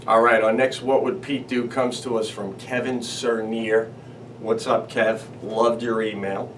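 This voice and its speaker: A man hosting a comedy show, telling stories with animated, acted-out quotes. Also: mid-range voice, measured pace, music in the background. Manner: animated storytelling, acts out quoted voices. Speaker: comedian host. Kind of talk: comedic monologue. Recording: slightly distant mic, faint ambience.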